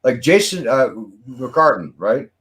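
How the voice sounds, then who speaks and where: A man's voice: medium pitch, big pitch swings, slow pace, a bit bright. Guy rambling on earnestly in a casual chat, lots of likes and ums. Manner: rambling and earnest, many fillers. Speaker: podcast co-host.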